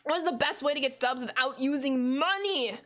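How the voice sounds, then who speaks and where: Young american girl streaming games, loud outdoor voice, kinda high, chatty and laughing at chat. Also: brisk. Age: 20s. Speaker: gaming streamer. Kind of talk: casual livestream chat while playing.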